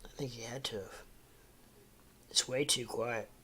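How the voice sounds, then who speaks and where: A man's voice: mid-range voice, measured pace, bright, forceful tone, slight background noise. A man in his forties from the Midwest, rambling casually at home as host of a livestream and answering chat. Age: 40s.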